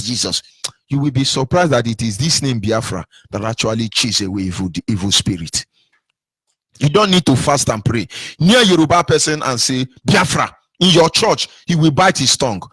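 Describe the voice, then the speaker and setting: A man's voice: medium pitch, fairly bright tone, breathy edge, no echo. A man with a Nigerian accent delivering an impassioned political monologue, preachy and emphatic, firing off rhetorical questions and repeating himself for effect. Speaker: political commentator.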